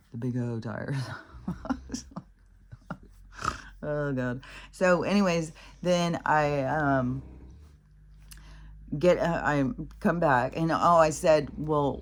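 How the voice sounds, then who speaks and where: A woman telling a rambling, exasperated story in a casual vlog, swearing freely and using many fillers. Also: sits low. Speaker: vlogger.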